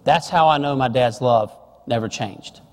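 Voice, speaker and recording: A middle-aged man preaching a sermon, telling a family story and dropping soft and slow on serious points. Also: medium pitch, big-room sound.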